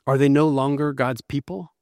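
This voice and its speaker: A man's voice: medium pitch, fairly even intonation, normal speed, a little mellow, dry recording, studio quality. A man preaching an expository sermon, earnest and emphatic as he explains and reads scripture. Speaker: pastor.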